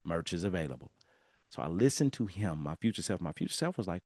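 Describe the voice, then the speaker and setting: A man's voice: deep voice, quick pace, no echo, studio quality. A man from Southern California hosting a solo podcast, telling stories animatedly and laughing as he talks straight to his listeners. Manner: animated storytelling, laughing, talking to listeners directly. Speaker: podcast host. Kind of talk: casual solo podcast monologue.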